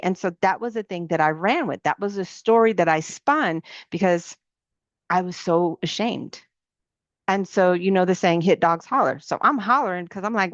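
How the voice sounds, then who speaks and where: Lower-voiced woman giving a faith talk. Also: moderate pace, no room sound. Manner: conversational, repeats key phrases, acts out inner thoughts. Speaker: ministry coach. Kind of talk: faith-based teaching talk. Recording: dry, dull lo-fi sound.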